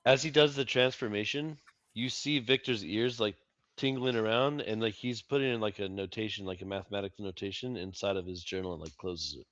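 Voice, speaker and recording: A man's voice: lowish voice, steady tone, fairly quick, fairly bright tone. A man playing in a tabletop game, describing what his character does with many fillers. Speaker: player. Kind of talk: casual tabletop play. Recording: dull lo-fi sound.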